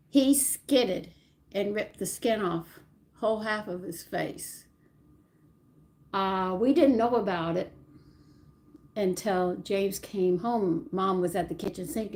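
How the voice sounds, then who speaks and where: An older woman recounts her childhood at an unhurried storytelling pace. She rambles and doubles back to fix details, and her voice swings from low, hushed asides up to high, excited bursts. Her pitch sits in a typical middle range for a woman. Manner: rambling, animated, corrects herself mid-story. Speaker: channel host. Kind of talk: personal storytelling.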